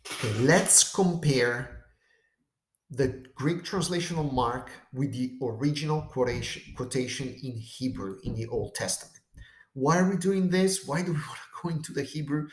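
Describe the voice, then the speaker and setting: A man's voice: mid-range voice, normal speed, echoey room. A man teaching a language lesson. He explains step by step and keeps checking in with "okay?" and "right?". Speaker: teacher of biblical Greek. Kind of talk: lesson on screen text.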